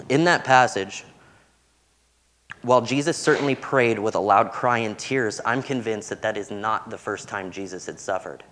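A young man preaching a sermon, earnest and warm-humored as he tells stories. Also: on the low side, normal speed.

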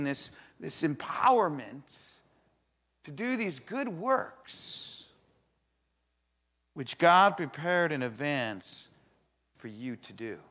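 An older man preaching a sermon to a congregation, telling a story with animated energy and acting out the voices in it. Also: a little high, slightly rough. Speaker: pastor. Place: church in front of a congregation.

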